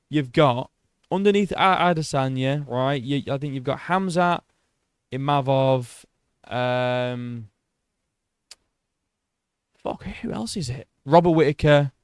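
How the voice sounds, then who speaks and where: A man's voice: medium pitch, clean tone, no room sound. A man giving casual solo commentary on a fighter's career, blunt and sweary, often restarting his sentences. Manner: blunt, swears a lot, many restarts and self-corrections. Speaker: MMA commentator.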